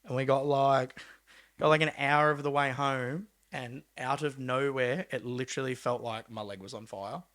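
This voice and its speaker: A young Australian man, a pro mountain biker, telling a story in a casual, animated way, acting out quotes with laid-back slang and swearing. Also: mid-range voice, normal speed. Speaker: podcast guest, pro mountain bike rider.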